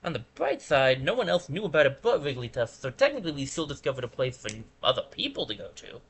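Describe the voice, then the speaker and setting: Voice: medium pitch, big pitch swings, quick pace, slight background noise. A streamer making casual, playful asides during a let's-play.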